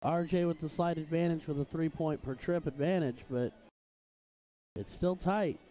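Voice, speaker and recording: A man's voice: fairly high pitch, fairly even intonation, normal speed, mellow. A man co-commentating live on darts in an easygoing, bantering way.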